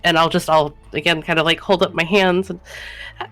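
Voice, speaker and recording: A woman's voice: low voice, steady tone, a little fast, dry recording, faint music behind. A woman playing a tabletop game, talking tentatively and thinking aloud. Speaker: player.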